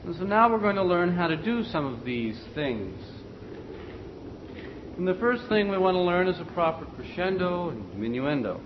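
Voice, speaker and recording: A man's voice: high voice, big pitch swings, moderate pace, dull audio, background noise. A man teaching a choir class, explaining phrasing in short broken phrases and talking directly to his students. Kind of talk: classroom instruction.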